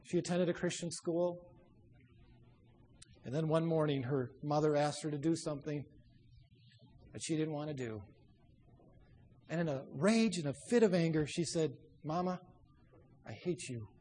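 High-voiced male preacher exhorting. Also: moderate pace, long pauses, breathy edge. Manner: emphatic, exhorting, drops low and soft for weight. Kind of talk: sermon.

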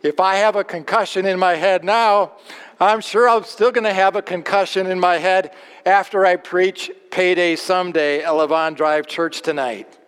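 A pastor voicing a stubborn, cheerfully defiant elderly preacher in a retold story, insistent and good-humored. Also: male voice, high voice, fairly even intonation, moderate pace, a bit bright, clean tone, big-room sound.

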